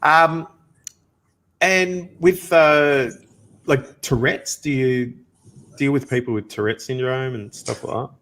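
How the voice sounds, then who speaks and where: A man's voice: medium pitch, fairly even intonation, takes it slowly, pauses often, fairly bright tone. A man hosting a casual talk show, rambling animatedly as he asks his guest questions. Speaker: host. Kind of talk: casual chat.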